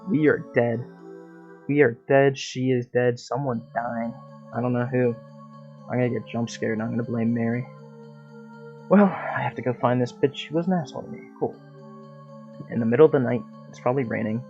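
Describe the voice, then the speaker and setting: A man reading a story game aloud with expressive, swearing asides, over a dull lo-fi recording with faint game music. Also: mid-range voice, a little fast, pauses often.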